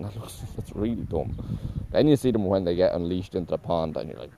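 A man's voice: deep voice, lively intonation, fast, vocal fry, hardly any pauses, mellow, slight background noise. A man talking in a casual, meandering monologue, correcting himself often and swearing offhandedly.

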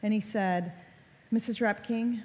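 A woman's voice: medium pitch, steady tone, measured pace, darkish tone, slight background noise. Middle aged lady giving a talk, dramatic storyteller, lots of um and like, long echo from a big hall. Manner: conversational, dramatic storytelling with fillers. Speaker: speaker on social media safety.

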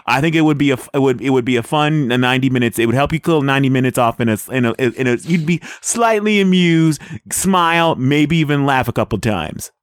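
A man co-hosting a movie trailer podcast, talking in a rambling, animated way and laughing often. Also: mid-range voice, fairly quick, clean tone, no room sound, studio quality. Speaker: podcast co-host reviewing trailers. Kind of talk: casual chat.

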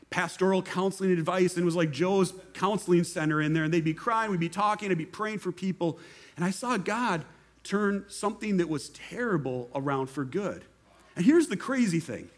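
Young male pastor, slightly high voice, lively storytelling from the pulpit. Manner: animated storytelling, acts out quoted voices. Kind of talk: sermon testimony.

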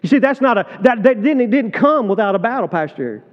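A middle-aged man preaches with a high, ringing voice, pressing his points hard and then dropping to a hushed, confiding tone. The sound is dull and lo-fi. A long church reverb trails behind every phrase. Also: lively intonation, fast talker. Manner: impassioned, swings from loud urgent appeals to low tender confiding. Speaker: pastor. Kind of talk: sermon. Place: church sanctuary.

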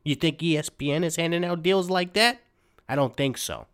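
A man's voice: a little high, normal speed, a bit bright, clean tone. A young man hosting a comedic podcast, telling a rambling story with lots of fillers in a streetwise tough-guy manner. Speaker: podcast host.

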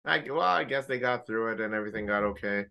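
A man co-hosting a podcast, telling a story in casual chat, animated, swearing freely and mimicking friends in high joking voices. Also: fast talker, gravelly, smooth, dull audio. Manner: swears casually, uses gamer slang. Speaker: podcast co-host.

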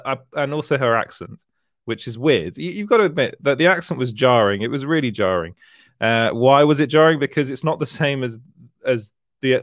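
A man hosts a relaxed livestream, chatting through viewer comments and laughing often as he rambles. His voice sits at an ordinary middle pitch, and the sound is dry and close, with no room echo. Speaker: livestream host, entertainment journalist. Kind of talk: casual livestream chat reading viewer comments.

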